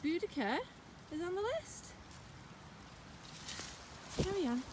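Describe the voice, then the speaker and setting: A woman's voice: very high voice, very animated, slow, a little mellow, slight background noise, poor audio. A woman in midlife hosting a chatty walking vlog outdoors, playful and talking to her viewers and to animals along the way. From England. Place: outdoors on country lanes.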